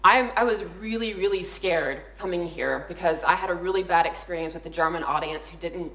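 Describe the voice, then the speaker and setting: On a conference stage, a woman tells funny, candid stories and acts out the voices of the people she quotes. Her voice is on the low side, brisk and a bit bright, and the hall sounds echoey.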